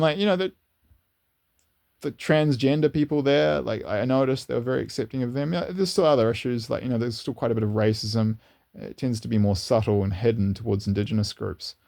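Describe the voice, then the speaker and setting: A man's voice: creaky, dark tone. A man talking in a casual, unscripted monologue as a channel host, rambling earnestly with frequent restarts and repeated words. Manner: earnest, rising in pitch when enthused. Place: lives in New Zealand, indoors.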